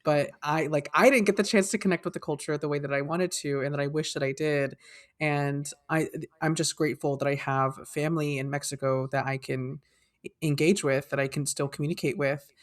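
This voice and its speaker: A man co-hosts a podcast over a video call, his voice pitched higher than most men's. He talks earnestly, with some hesitation. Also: fairly even intonation, fairly quick. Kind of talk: casual conversation.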